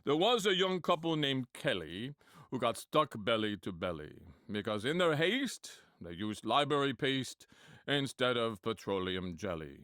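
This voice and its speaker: A man voicing a pompous male German comedy-show host with a put-on German accent and a deadpan, mock-earnest manner. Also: medium pitch, measured pace, no room sound, clean studio sound. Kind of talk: comedy sketch.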